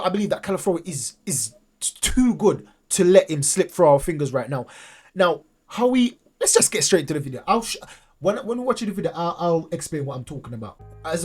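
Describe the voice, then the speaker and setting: A man hosting a fan channel, commenting casually and excitedly over highlight clips, often repeating himself and restarting sentences. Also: husky. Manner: excitable, repeats phrases, many restarts and fillers. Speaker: football fan channel host.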